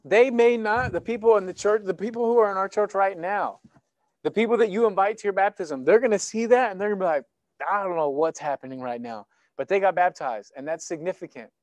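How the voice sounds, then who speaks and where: Animated, high-voiced male preacher. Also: quick pace, dry recording. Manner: animated, conversational preaching with sports analogies. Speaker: pastor. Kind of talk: sermon. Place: church sanctuary.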